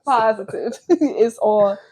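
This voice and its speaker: A woman's voice: on the high side, slow pace, crowd noise. A woman hosting an interview, upbeat and bubbly, laughing often. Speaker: host. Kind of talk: casual interview chat.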